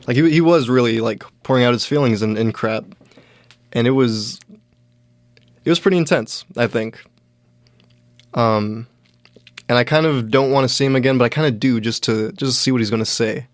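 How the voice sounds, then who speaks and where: A young man hosting a podcast, telling a comedy story in a halting, deadpan way with many restarts. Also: mid-range voice, no echo. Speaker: podcast host, stand-up comedian. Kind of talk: casual solo storytelling.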